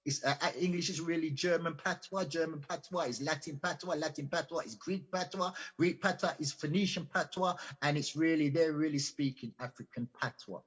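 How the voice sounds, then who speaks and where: Earnest husky-voiced man lecturing. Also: fairly high pitch, brisk, few pauses, fairly bright tone. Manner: earnest and explanatory, often repeats and restarts words. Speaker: invited guest speaker. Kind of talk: lecture-style talk on a radio show. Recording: dull lo-fi audio.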